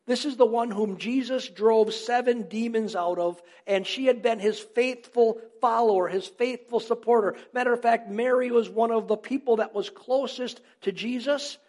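A man's voice: very high-pitched, normal speed, few pauses, a little mellow. A man preaching a sermon as a pastor, earnest, asking rhetorical questions and answering them himself, repeating key phrases for emphasis.

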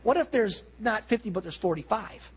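A man's voice: sits high, animated, moderate pace, slightly rough, exaggerated voice. A man doing a frantic pleading old patriarch. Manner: urgent, interrupting, raised voice.

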